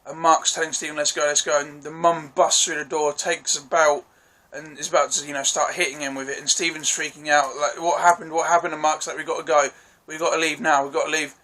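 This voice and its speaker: A man talks through a TV episode in a loose, chatty review, recapping scenes and apologising as he goes. His voice is bright and forceful, and sits a little high. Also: level tone, a little fast. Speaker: TV show reviewer. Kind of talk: casual spoken review.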